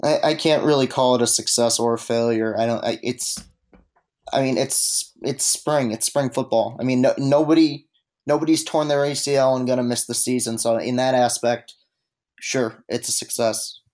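A man's voice: mid-range voice, fairly even intonation, moderate pace, a little mellow. A man on a casual sports podcast who talks hesitantly and restarts his sentences.

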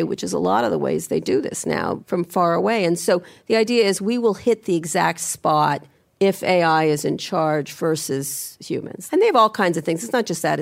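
A middle-aged woman hosting a podcast, blunt and teasing, talking fast about tech in casual banter. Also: on the low side, gravelly. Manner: blunt, teasing, rapid-fire. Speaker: podcast host.

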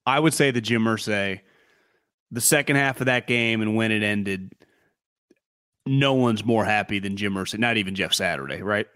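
Animated man in casual sports chat. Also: on the low side, moderate pace, clean tone, no room sound, clean studio sound. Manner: animated, rambling, swears casually. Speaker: podcast co-host.

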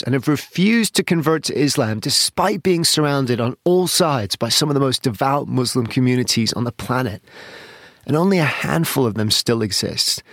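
A man reading scripted documentary narration in a measured, descriptive way. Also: mid-range voice, a bit bright, dry recording, studio quality.

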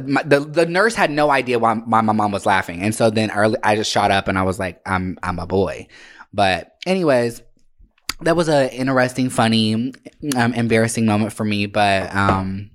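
A man's voice: mid-range voice, a bit bright. A man co-hosting a podcast, telling stories in a rambling, casual way with frequent swearing. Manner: rambling storytelling with many restarts and swearing. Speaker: podcast co-host. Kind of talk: casual chat.

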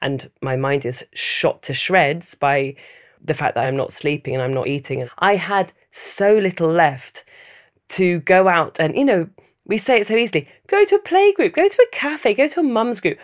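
A woman giving a thoughtful, measured personal account in an interview, often listing things in runs. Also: on the low side, lively intonation. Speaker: mother interviewed about loneliness.

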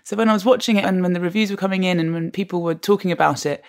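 A woman guest on a podcast interview, telling stories in an animated, expressive way and laughing often. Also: fairly low pitch, very fast. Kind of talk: conversational interview.

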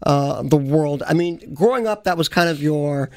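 A man's voice: fairly high pitch, moderate pace, darkish tone. A man hosting a casual radio interview in a studio and reading station IDs with upbeat energy. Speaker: radio show host. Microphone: studio microphone.

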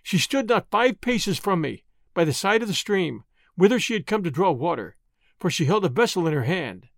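A man reading a first-person adventure story aloud in a measured, dramatic narration. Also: sits high, sing-song, creaky, no echo, studio quality. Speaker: audiobook narrator.

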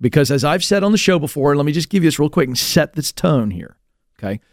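Fired-up male talk show host, lively pitch. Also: quick pace, no echo, clean studio sound. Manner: animated, mocking mimicry of others. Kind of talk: energetic talk radio commentary.

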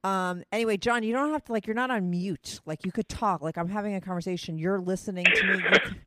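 A medium-pitched, pushed and bright voice belongs to a fast-talking woman in her thirties hosting a podcast. Her New Jersey or New York accent comes through as she bluntly teases a friend on a casual phone call, full of fillers. The sound is clean studio quality with no echo.

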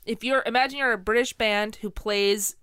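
A woman's voice: a little high, steady tone, moderate pace, sharp tone, smooth, no echo. A woman co-hosting a podcast, chatting casually and playfully with a lot of laughter. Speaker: podcast co-host. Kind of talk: casual chat.

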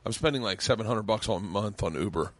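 A man's voice: fairly low pitch, animated, a little fast, dry recording. A man hosting a podcast, chatting casually, swearing and laughing often. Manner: loose, swearing, laughs a lot. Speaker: podcast host.

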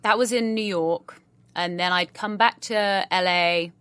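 An English actress chatting lively and easily in a casual podcast interview, often laughing. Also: female voice, lowish voice, measured pace, smooth, no echo. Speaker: actress guest.

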